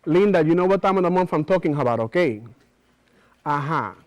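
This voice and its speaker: A man's voice: a little high, expressive, fairly quick, lightly acted. A man performing a bossy phone spiritual adviser in a solo theater monologue, with a brassy code-switching manner. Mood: bossy, confiding. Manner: brassy code-switching between Spanish and English, calling everyone mami.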